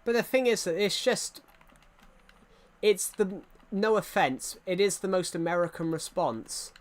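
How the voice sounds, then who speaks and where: A young man with an English accent, a bit higher-voiced than most men, chats loosely to his viewers while he plays. He repeats himself and restarts his sentences as he rambles from point to point. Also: measured pace. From England. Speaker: gaming streamer. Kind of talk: casual chat while gaming.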